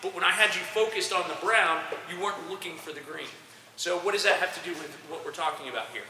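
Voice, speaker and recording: A male soccer coach lectures a group of young athletes in a bright, forceful voice, pitched a little high. He talks directly and keeps checking in with the room. He is picked up from a distance in a large echoing room with faint background noise. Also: quick pace. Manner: energetic, direct, addresses group with frequent "okay". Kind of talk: motivational talk to young athletes. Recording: roomy echo, distant mic, faint noise.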